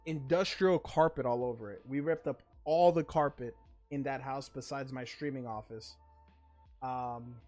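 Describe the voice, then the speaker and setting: A man's voice: mid-range voice, unhurried, darkish tone, faint music behind. A male livestream host in a casual chat, ranting emphatically and swearing freely.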